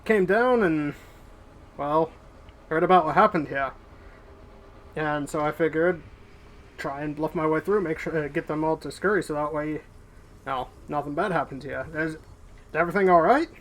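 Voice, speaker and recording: A man's voice: on the high side, normal speed, long pauses, fairly bright tone, slight background noise, lightly acted. A man voicing a male captain and ally who is concerned for the group and fumbles over names.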